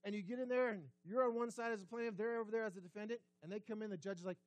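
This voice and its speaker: A man preaching a sermon as pastor, conversational, asking the congregation questions and dropping his voice low and quiet for emphasis. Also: racing, no echo. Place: church sanctuary.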